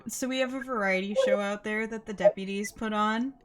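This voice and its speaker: A woman's voice: medium pitch, fairly even intonation, brisk. Playful woman in a mid-range voice. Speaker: podcast co-host. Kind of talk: casual chat.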